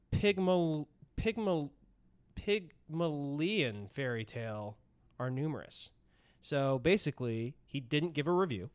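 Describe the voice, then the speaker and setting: A man co-hosting a casual movie podcast, giggly and animated, saying "like" constantly. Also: mid-range voice, clean tone. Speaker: podcast co-host.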